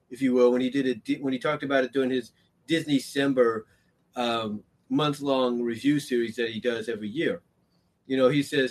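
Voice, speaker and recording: A man talking about cartoons in a casual, rambling monologue, full of fillers and restarts, and he gets more excited as he goes. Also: mid-range voice, moderate pace. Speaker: commentator on animation history.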